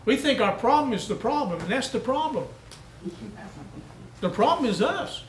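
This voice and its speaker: A man's voice: extremely high pitch, big pitch swings, normal speed, echoey room, a little hiss or hum, rough recording. A male pastor preaching a sermon, telling down-home country stories and building to emphatic peaks. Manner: folksy storytelling preacher, rising to emphatic peaks.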